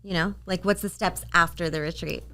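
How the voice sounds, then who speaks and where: A woman's voice: lowish voice, fairly even intonation, brisk, pushed and bright. A woman hosting a podcast interview, encouraging her guest with frequent short affirmations. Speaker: podcast host. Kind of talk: casual interview chat.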